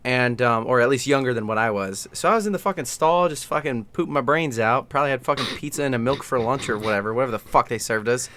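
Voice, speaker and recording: Bright-voiced young man telling a story. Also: medium pitch, fast talker, few pauses. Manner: profane, laughing storyteller. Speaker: podcast host. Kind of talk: casual chat on a call.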